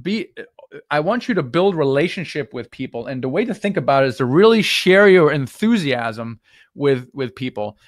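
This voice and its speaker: Brief: energetic male investing coach, slightly high voice, dry close sound, gives direct do-and-don't advice live. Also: normal speed, dry recording. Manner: acts out sample conversations in shifted voices. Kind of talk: live-stream teaching.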